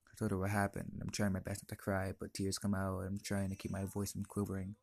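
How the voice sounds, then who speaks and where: A man's voice: low voice, monotone, fast, gravelly, darkish tone. A teenage boy hosting his own podcast, telling a personal story in an earnest, emotional, confiding way. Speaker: podcast host.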